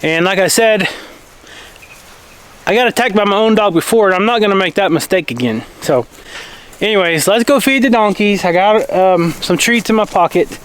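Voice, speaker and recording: High-voiced man vlogging on a farm. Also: normal speed. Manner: chatty, talks to his animals. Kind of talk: casual farm vlog. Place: outdoors on a farm.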